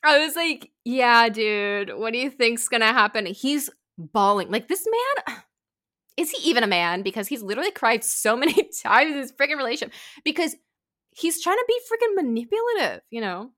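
Bright, animated young woman telling a story. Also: brisk. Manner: animated, acts out quotes with big pitch jumps. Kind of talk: casual storytelling chat.

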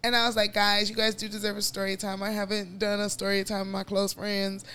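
A woman's voice: mid-range voice, brisk, clean tone. A woman co-hosting a podcast, chatting casually and easily about her week. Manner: relaxed, chatty, rhyming playfully. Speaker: podcast co-host. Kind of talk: casual chat.

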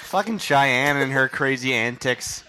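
A man's voice: mid-range voice, animated, unhurried, sharp tone, slight background noise. A man hosting a podcast, chatting casually and teasing his guests. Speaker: podcast host. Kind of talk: casual chat.

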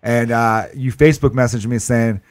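A man's voice: mid-range voice, steady tone, moderate pace. A young adult man hosting a podcast, telling a rambling story with profanity and acting out the people in it. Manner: acts out quoted voices. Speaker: podcast host. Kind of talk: casual chat.

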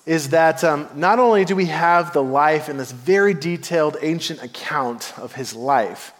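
A man's voice: fairly high pitch, moderate pace, big-room sound. A man preaching a sermon, telling a story playfully and acting out the voices of its figures. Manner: animated, playful storytelling with acted quotes. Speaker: pastor.

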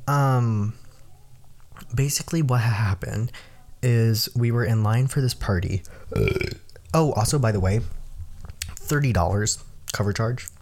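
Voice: mid-range voice, a little slow, pauses often, a little mellow. A young adult podcast host telling a story in a casual, rambling way, with lots of fillers, who acts out the voices of people being quoted.

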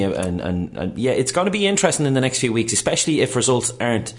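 A man with an Irish accent in casual sports chat on radio, animated and chatty. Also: mid-range voice, fast.

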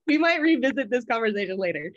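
A woman's voice: on the high side, big pitch swings, fairly quick, no room sound, muffled recording. A woman who is a college professor, co-hosting a podcast in casual, laughing chat. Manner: laughing, self-deprecating.

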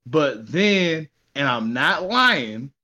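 An excitable man recounts a story in loose, slangy chat, swearing and laughing along the way. His voice sits a little high and rings bright and forceful. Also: drawn-out words, dull audio. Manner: slangy, says y'all and ain't. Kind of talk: casual chat.

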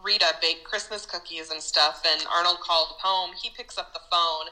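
A woman chatting casually about a movie, relaxed and dry-humored, with frequent fillers. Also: on the low side, moderate pace, low-quality recording.

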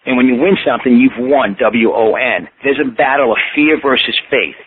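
A man's voice: mid-range voice, a little hiss or hum. New York man, motivational talk over a phone line. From Yonkers, New York. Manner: emphatic, repetitive, spells out words. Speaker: motivational speaker. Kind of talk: motivational talk on a radio show. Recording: phone-line call-in audio.

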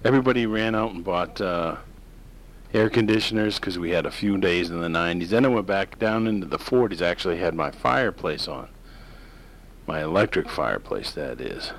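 Deep-voiced rambling talk radio host. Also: male voice, expressive, brisk, slight background noise, poor audio. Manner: rambling and opinionated, many fillers and restarts. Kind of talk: casual talk radio monologue.

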